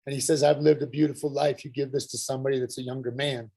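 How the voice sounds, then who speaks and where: A middle-aged man telling his personal recovery story at a workshop, earnest and halting, with frequent pauses and restarts. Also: mid-range voice, little pitch movement, gravelly, mellow, slightly rough. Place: Santa Fe.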